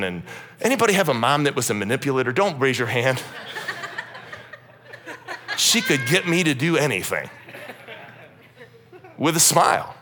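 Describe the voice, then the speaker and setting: A pastor in his forties preaching a humorous, animated sermon in a church. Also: medium pitch, slightly rough. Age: 40s. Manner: animated, humorous, acts out quotes.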